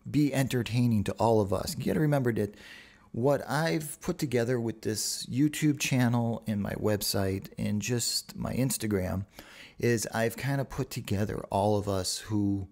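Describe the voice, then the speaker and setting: A man's voice: medium pitch, normal speed, darkish tone. A man hosting a solo podcast, talking casually and rambling with profane asides. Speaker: podcast host.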